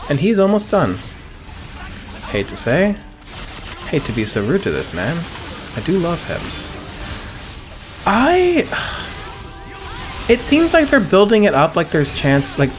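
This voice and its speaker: Dude rambling over his game, crude jokes, pitch all over, soft music behind. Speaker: let's player. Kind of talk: casual gameplay commentary.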